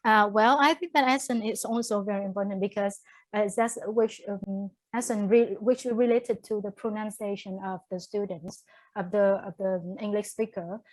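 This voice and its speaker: A woman's voice: medium pitch, steady tone, normal speed, dry recording, poor audio. A woman with a Vietnamese accent speaking English as a webinar panelist, hesitant with frequent restarts.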